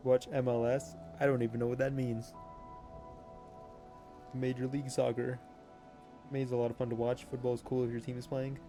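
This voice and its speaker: A man's voice: mid-range voice, flat delivery, normal speed, long pauses, warm tone, faint music behind. A young man streaming a game, chatting casually with viewers in a joking, offhand way and laughing often. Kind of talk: casual chat reading viewer messages.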